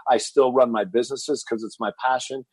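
A man in his fifties from Texas, telling a personal story as a guest in an interview, animated and getting louder as he relives the moment. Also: medium pitch, fairly quick, husky, dry recording, rough recording. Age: 50s. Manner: animated storyteller, rises to shouting when reliving anger. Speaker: fitness entrepreneur guest.

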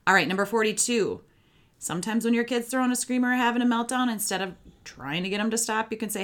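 A woman's voice: mid-range voice, fairly quick. A woman hosting a parenting podcast, explaining in a matter-of-fact, conversational coaching tone. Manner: matter-of-fact, warm coaching with acted example phrases.

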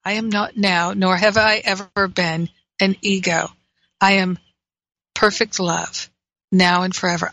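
A woman's voice: mid-range voice, flat delivery, unhurried, fairly bright tone, no room sound. A middle-aged woman, a spiritual teacher and host, telling a personal story in an earnest, frank and reflective way. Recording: dry, slightly dull sound.

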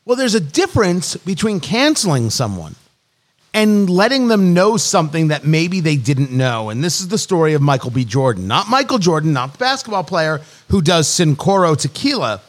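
Male podcast host, lively up-and-down voice, fairly high, joking. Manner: animated, joking, quick bursts. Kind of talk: casual chat.

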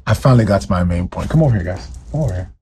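A man's voice: low voice, lively intonation, rapid-fire, dark tone, slight background noise. A man preaching as pastor, fervent and direct with his listeners, driving points home with repeated rhetorical questions. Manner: admits to ranting, addresses listeners directly. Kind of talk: sermon.

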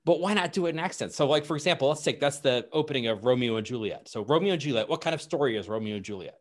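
A man's voice: mid-range voice, lively intonation, racing. Man explaining with eager enthusiasm. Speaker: podcast guest. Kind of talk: casual podcast chat.

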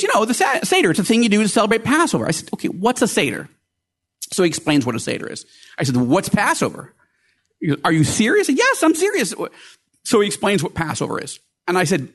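A middle-aged man hosting a podcast, telling a personal story in a lively, animated way and acting out the quoted voices. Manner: animated, acts out quoted voices with rising pitch. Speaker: podcast host.

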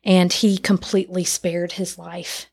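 A woman in her thirties, a podcast guest, telling a personal faith story with animated, laughing delivery and acted-out quotes. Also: fairly low pitch, unhurried, husky. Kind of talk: personal testimony.

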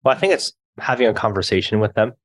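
A man's voice: fairly low pitch, animated, quick pace. A man speaking as a founder guest in a podcast interview, reflective and earnest. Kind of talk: conversational interview.

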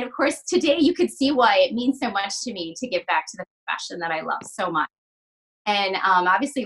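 A woman's voice: fairly low pitch, fairly bright tone, low-quality recording. A middle-aged woman, a physical therapist, telling an emotional personal story in a podcast interview, earnest and full of fillers and restarts as she acts out the dialogue. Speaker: physical therapist and practice owner, podcast guest.

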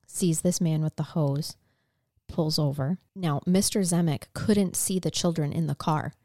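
Her low, mellow voice unhurried, a podcast co-host walks through a true crime case in an earnest, conversational manner and is emotionally moved. The audio is studio quality with no room sound.

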